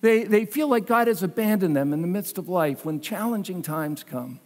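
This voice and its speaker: Man, pastor, sermon, high voice, emphatic then hushed, echoing church hall. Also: expressive, normal speed. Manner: emphatic, swings between loud and hushed. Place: church sanctuary.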